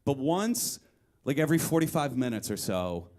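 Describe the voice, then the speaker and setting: A young man performing a live one-man comedy story on a club stage, animated, breaking into shouts and high-pitched voices for quoted people, with the audience laughing. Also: moderate pace. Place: live music venue stage.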